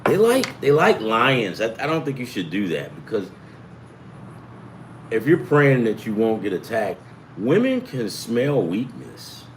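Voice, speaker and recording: A man's voice: mid-range voice, very animated, unhurried, noisy background. A middle-aged man hosting a sports betting talk, rambling and profane, jumping from topic to topic. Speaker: sports betting show host. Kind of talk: rambling casual chat.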